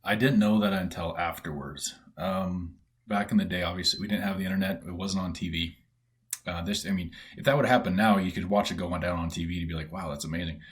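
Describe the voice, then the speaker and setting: A middle-aged man from Canada with a very low voice spins relaxed stories as a podcast guest. He talks casually, full of fillers, and acts out the quoted voices of others. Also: a little fast. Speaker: guest, former pro baseball player. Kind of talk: casual storytelling.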